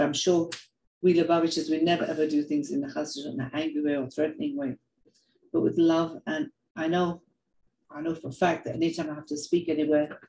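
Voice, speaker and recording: An older woman giving a heartfelt personal talk, telling stories in an earnest, animated way and often repeating words. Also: sits low, reverberant, a little hiss or hum, rough recording. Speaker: speaker sharing reflections.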